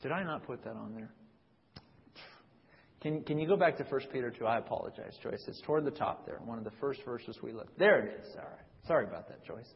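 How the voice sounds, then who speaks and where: A man's voice: mid-range voice, animated, brisk, vocal fry. A young adult man preaching a sermon, talking conversationally with frequent restarts and reading scripture with rising emphasis. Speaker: pastor. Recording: dull sound with long reverb in a hall.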